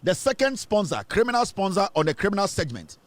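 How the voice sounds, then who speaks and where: Ghanaian guy ranting on politics, mocking, mixes english and twi, highish voice. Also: sing-song, quick pace, dry recording. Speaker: host of political commentary show. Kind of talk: heated political commentary.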